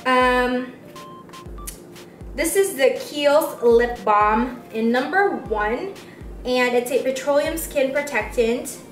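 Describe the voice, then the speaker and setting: A young woman with a squeaky voice, chatting excitedly as a beauty vlogger unboxing products in a casual vlog. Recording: roomy sound, mic at a distance, faint music.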